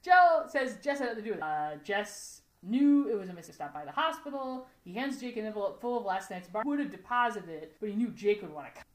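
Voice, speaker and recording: Recapping an episode on her podcast, a co-host talks at a quick pace with hardly any pauses, her medium-pitched voice sing-song. She's chatty and giggly in the casual conversation, acting out characters' quoted lines, and the recording carries a roomy echo.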